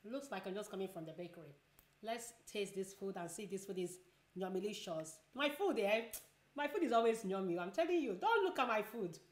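A woman from Nigeria chatting casually in a home vlog while eating, repeating words for emphasis. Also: medium pitch. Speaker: vlogger. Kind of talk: casual mukbang vlog chat. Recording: echoey room.

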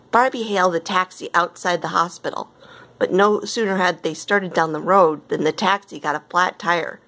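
A woman reading a storybook aloud as narrator, with gentle, even pacing. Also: lowish voice, moderate pace.

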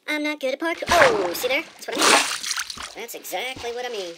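Chatty high-voiced woman gaming. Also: very animated, a little fast, very noisy. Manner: chatty, rambling, repeats words. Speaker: gamer. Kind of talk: casual let's-play commentary.

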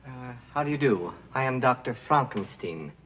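A man's voice: medium pitch, expressive, moderate pace, muffled recording, close to an everyday voice. A man voicing a fussy young male pony scientist who insists on correcting how his name is said. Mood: polite. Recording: noisy amateur recording.

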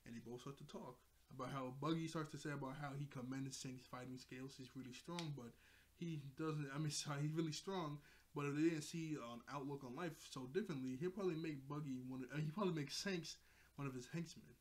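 A man's voice: on the high side, brisk. A man casually recapping an anime episode, rambling, laughing often and correcting himself mid-sentence. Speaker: anime reviewer.

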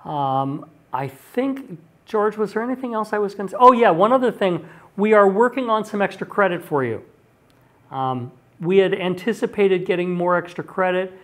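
A man's voice: high voice, lively intonation, normal speed, a bit bright. A male university lecturer giving a recorded class talk in a chatty way, with frequent ums and restarted sentences.

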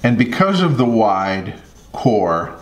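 A man hosting a pencil review vlog, talking in an unhurried, thoughtful way with many pauses and fillers. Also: fairly low pitch, very animated, reverberant. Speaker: host.

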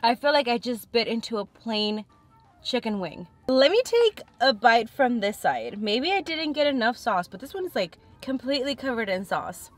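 A woman's voice: a little high, sing-song, moderate pace, soft background music. A young woman chatting frankly and thinking aloud as she tastes food in a casual eating vlog. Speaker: food vlogger.

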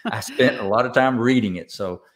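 An older man with an East Tennessee accent, a songwriter guest speaking slowly and reflectively in a casual interview. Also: mid-range voice. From Southern United States. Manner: slow, reflective storytelling.

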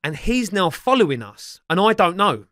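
A man's voice: sits high, big pitch swings, moderate pace, fairly bright tone, dry recording, clean studio sound. A man telling wild stories as an interview guest, swearing freely and acting out the voices of other people. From England. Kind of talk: storytelling in a podcast interview.

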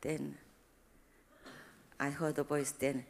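Korean-accented woman giving a church testimony. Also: on the low side. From South Korea. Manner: halting, simple English, with frequent restarts; animated and expressive, rising when emphatic. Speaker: university president giving a testimony.

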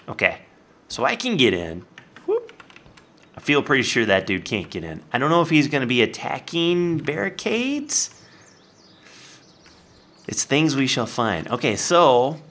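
A man giving playful, animated let's-play commentary, talking to the game and his viewers and jumping up to excited yelps. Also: a little hiss or hum. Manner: jumps to high excited yelps. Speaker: gaming YouTuber.

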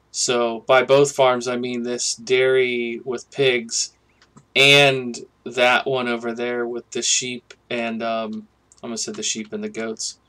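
A relaxed young man talks through his gameplay at a slow, unhurried pace, musing out loud. He has an ordinary mid-range voice, recorded at a desk microphone, with keyboard typing behind him. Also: medium pitch. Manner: relaxed, musing, thinks aloud with fillers. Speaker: gaming channel host. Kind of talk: casual gameplay commentary.

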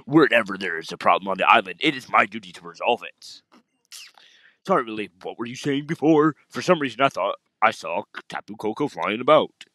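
A man voicing a proud older male island chief in a low, measured voice. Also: animated, bright, forceful tone, no echo. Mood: dutiful. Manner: low, measured reading of game text.

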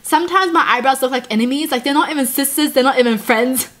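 Bubbly, giggly high-voiced woman. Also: fast talker, a bit bright. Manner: bubbly and giggly, with playful indignation. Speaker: YouTube reaction host. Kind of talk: casual reaction commentary.

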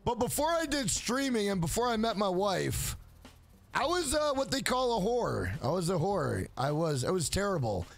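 A man's voice: high-pitched, sing-song, moderate pace, creaky, soft background music. A man live-streaming a game, rambling through crude, profane stories and talking back to his chat by name. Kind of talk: casual chat while gaming on a live stream.

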